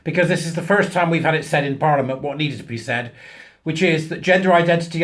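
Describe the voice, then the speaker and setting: A man's voice: on the high side, a little fast. A man talking casually to camera, chatty and emphatic, a bit unwell and getting emotional. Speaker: vlog host. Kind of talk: casual solo commentary.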